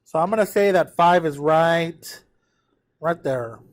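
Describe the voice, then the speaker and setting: A man's voice: fairly high pitch, takes it slowly. A tired man teaching a math class, talking students through a graph and checking in with them often. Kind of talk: live classroom lecture at a whiteboard.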